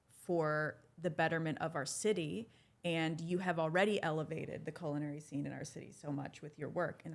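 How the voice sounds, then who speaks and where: A woman hosting a podcast interview, affirming her guest and asking reflective questions. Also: low voice. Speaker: podcast host.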